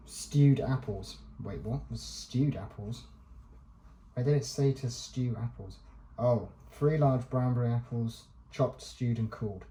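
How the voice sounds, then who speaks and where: A young man chats his way through a recipe in his home kitchen, mocking himself as he goes. His voice sits at an ordinary middle pitch. A faint hiss runs under the recording. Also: a little mellow. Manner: chatty, self-mocking, talks to himself. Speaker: vlogger. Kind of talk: casual cooking vlog. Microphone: head-mounted action camera.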